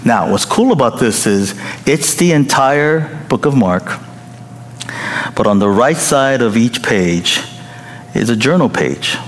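Slow-paced pastor in a reverberant hall. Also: male voice, medium pitch, lively intonation. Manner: playful, joking, chuckles often. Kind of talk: sermon. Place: large church hall. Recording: reverberant hall with faint noise.

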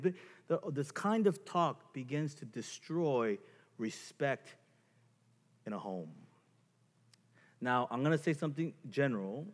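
A man giving a seminar talk to couples on marriage, speaking in an emphatic way and acting out examples. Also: medium pitch. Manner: animated, emphatic, acts out examples. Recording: long hall reverb.

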